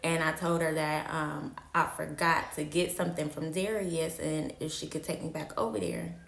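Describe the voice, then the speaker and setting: A woman's voice: deep voice, fairly even intonation, moderate pace, creaky, a bit bright, roomy sound. A woman telling a personal story in a casual vlog, slangy and candid, repeating phrases for emphasis. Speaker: storytime vlogger.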